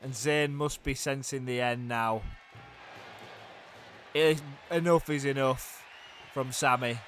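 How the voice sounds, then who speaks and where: Excitable man calling wrestling. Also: medium pitch, slow, soft background music. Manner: exclamatory, swings from hushed groans to loud shouts. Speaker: YouTuber commentating a wrestling game. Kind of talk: excitable play-by-play commentary.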